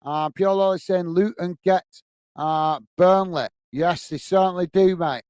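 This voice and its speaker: A man's voice: high-pitched, unhurried, darkish tone, clean tone, no room sound. Chatty man, dry sound. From England. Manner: chatty, easily frustrated, thanks viewers by name. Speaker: football channel host. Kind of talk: live match watch-along, reading out chat.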